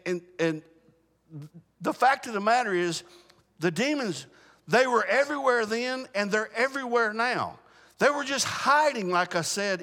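This high-pitched male preacher, a Baptist, delivers a spirited sermon in a large hall. He repeatedly restarts his words and keeps asking his congregation if they follow him.

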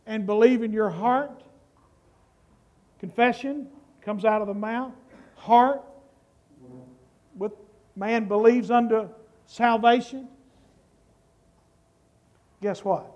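A man delivers a sermon in a strikingly high voice. He preaches at an unhurried, deliberate pace. He leans on each phrase and rises to shouts at the climaxes. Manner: slow, emphatic preaching that climbs to shouting. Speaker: pastor.

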